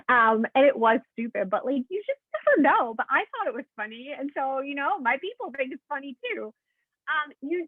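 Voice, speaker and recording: A woman leads a coaching call in a chatty, encouraging way, checking in with her listeners as she goes. Her voice sits a little high with a husky grain. The sound is dry and thin, like a phone line. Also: no room sound. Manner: chatty, keeps checking in with "okay?"; encouraging, addresses listeners as "guys". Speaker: coach leading a team call. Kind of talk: motivational coaching talk. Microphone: call audio.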